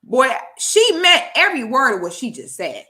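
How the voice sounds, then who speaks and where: Emphatic, lively woman vlogger. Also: high-pitched, normal speed. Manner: emphatic and preachy, keeps asking "okay?". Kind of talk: commentary vlog.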